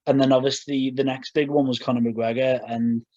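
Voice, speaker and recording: A man's voice: mid-range voice, flat delivery, brisk, warm tone, dry recording. Rambling man on a lo-fi podcast. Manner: rambling, many fillers and restarts. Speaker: podcast co-host. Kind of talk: casual chat. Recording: dull lo-fi podcast audio.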